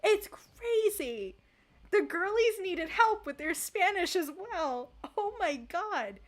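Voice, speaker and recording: A young woman with a high voice, live-streaming and chatting casually with her audience. She rants in an animated way and laughs often. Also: slow.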